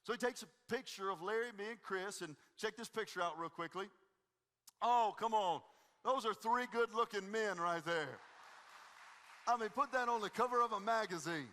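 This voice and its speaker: Lively high-voiced pastor. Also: male voice, fairly quick, long reverb tail. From Tennessee. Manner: energetic, joking, folksy. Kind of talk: sermon with humorous storytelling. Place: church stage before a congregation.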